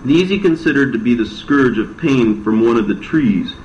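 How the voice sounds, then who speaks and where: A man reading an old religious text aloud as scripted narration, plain and steady, in a roomy, dull recording. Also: mid-range voice, moderate pace, a little hiss or hum. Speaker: reader.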